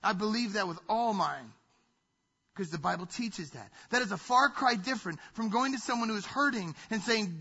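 Male pastor, sermon, bright husky voice, emphatic repetition, dull lo-fi recording. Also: high-pitched, expressive, normal speed. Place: church stage. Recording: dull lo-fi sound.

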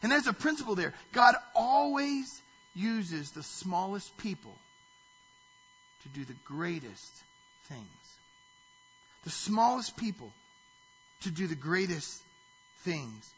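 A man preaching a sermon in a high, forceful voice with a husky edge. He reads scripture aloud and keeps stopping to ask the listeners rhetorical questions. The recording sounds dull and lo-fi. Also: sing-song, slow pace, long pauses. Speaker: pastor.

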